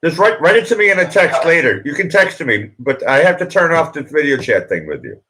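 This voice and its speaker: A man with a slightly high voice hosting a casual livestream. He talks bluntly and pushes his points, repeating words to drive them home. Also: sing-song, a little fast, sharp tone, rough recording. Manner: blunt, insistent, repeats himself. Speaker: livestream host. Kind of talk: casual live chat.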